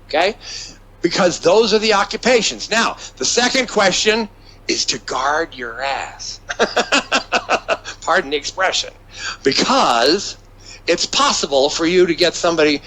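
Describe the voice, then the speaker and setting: A bright-toned man with a fairly high, lively voice, teaching a business seminar. He talks emphatically, punching points and checking in with the room. His delivery is animated and upbeat. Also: measured pace. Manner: energetic, emphatic, checks in with the audience. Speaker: business trainer. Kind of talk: seminar lecture.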